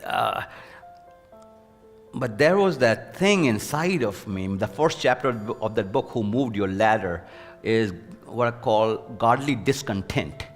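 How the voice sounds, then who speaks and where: A man and former university president tells an earnest personal story in an interview, lively whenever he quotes other people. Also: fairly low pitch, unhurried, long reverb tail, soft background music. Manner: earnest, anecdotal, animated when quoting others.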